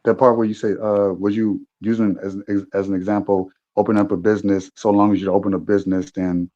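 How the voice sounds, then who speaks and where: Low, mellow man with a muffled sound. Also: little pitch movement, brisk. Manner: hesitant, searches for words when asking questions. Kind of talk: casual group discussion. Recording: muffled lo-fi audio.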